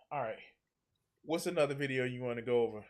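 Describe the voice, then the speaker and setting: A man's voice: medium pitch, fairly quick. Laid-back profane male host. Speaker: show host. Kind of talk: casual reaction chat.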